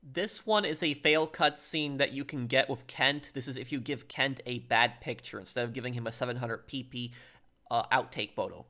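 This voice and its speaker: A man's voice: medium pitch, normal speed, bright, forceful tone. A man casually explaining game scenes and strategies in walkthrough commentary. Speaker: gaming YouTuber.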